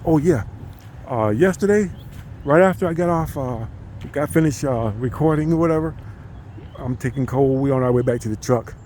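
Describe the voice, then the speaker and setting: A man's voice: mid-range voice, moderate pace, mellow, a little hiss or hum. A man vlogging outdoors in a park, talking casually and profanely, rambling with lots of "you know.". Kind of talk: casual walking vlog.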